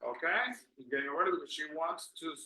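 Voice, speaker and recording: A man's voice: fairly high pitch, expressive, fairly quick, sharp tone, roomy sound, poor audio. A man teaching an English class, patiently correcting students and drilling pronunciation.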